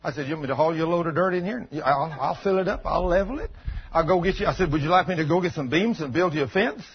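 A man's voice: fairly high pitch, quick pace, husky. A man preaching a sermon in a folksy storytelling way, acting out both sides of a conversation. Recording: dull lo-fi recording.

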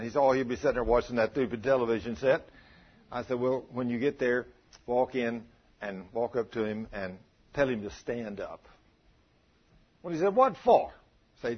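Husky folksy preacher, lo-fi recording. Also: male voice, medium pitch. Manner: folksy storytelling, chuckling. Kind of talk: sermon.

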